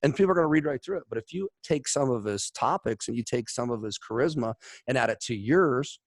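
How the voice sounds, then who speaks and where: A man from Chicago hosting a podcast, a blunt, energetic storyteller who talks in a motivational way. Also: mid-range voice, brisk, no echo, studio quality. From Chicago, USA. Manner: energetic storyteller, acts out quotes. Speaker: host. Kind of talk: casual podcast conversation.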